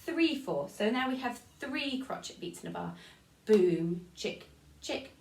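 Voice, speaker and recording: A woman's voice: sits high, lively intonation, normal speed, creaky, far from the mic. A woman with an English accent teaching an online music lesson to children, counting beats aloud and singing short rhymes. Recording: echoey room, voice off-mic.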